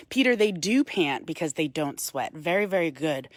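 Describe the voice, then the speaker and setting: A woman wildlife educator giving a live-streamed talk outdoors on a woodland path into a handheld phone, explaining calmly to viewers and cooing softly to the bird between. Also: low-pitched, normal speed, no echo.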